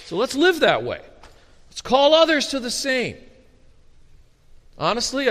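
A man preaching a sermon as a pastor, animated and storytelling with humor, often restarting his words. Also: high-pitched. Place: church sanctuary. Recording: long reverb of a hall.

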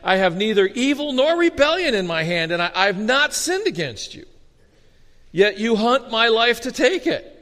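Pastor guy giving a sermon, high voice, lots of reverb, jokey storytelling. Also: moderate pace. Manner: animated storytelling with humor and repeated restarts. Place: church sanctuary. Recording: long reverb of a hall.

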